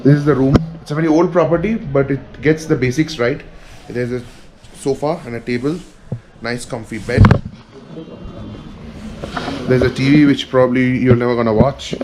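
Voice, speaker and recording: A man's voice: mid-range voice, fairly even intonation, moderate pace, pauses often. A man from India chatting casually as a travel vlogger, showing viewers around a hotel room and balcony over a busy street. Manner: chatty, touring the room and pointing things out to viewers. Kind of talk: casual travel vlog chat. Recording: outdoor street noise.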